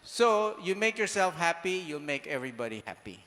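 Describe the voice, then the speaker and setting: A man giving a motivational talk to an audience, animated, firing rhetorical questions and now and then raising his voice to a shout. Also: on the high side, brisk, hardly any pauses. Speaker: speaker. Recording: long hall reverb.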